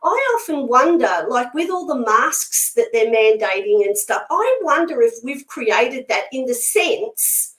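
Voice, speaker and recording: A woman's voice: a little high, animated, measured pace, few pauses, a bit bright. A woman speaking as a spiritual medium guest in a casual conversation, blunt, emphatic and outspoken. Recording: echoey room sound.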